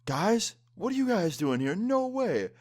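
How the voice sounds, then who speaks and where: A man putting on the voice of his drunk former high school teacher, loud and surprised. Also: unhurried, close to an everyday voice. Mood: excited. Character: tipsy strict male high school teacher, suddenly friendly.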